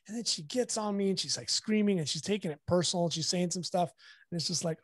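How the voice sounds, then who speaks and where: A man with a Southern Californian accent tells a story in a casual, animated way, slipping into the voices of the people in it. The recording is dry and close, with almost no room sound. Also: high-pitched, fast, dry recording. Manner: animated, acts out quoted dialogue. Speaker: sports photographer guest.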